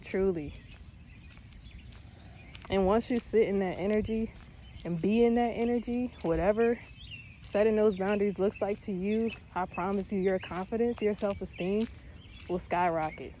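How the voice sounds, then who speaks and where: A woman's voice: medium pitch, moderate pace, long pauses, dark tone, slight background noise. A woman giving a casual spiritual pep talk to her viewers, earnest and affirming, mixing slang and swearing into her encouragement. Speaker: spiritual vlogger.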